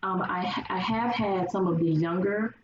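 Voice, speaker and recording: A woman guest in casual conversation, telling her stories lively and acting out the people she quotes. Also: medium pitch, normal speed, crowd noise. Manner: animated storyteller acting out quoted voices. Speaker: podcast guest. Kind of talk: casual chat. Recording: roomy, distant, dull sound with faint hiss.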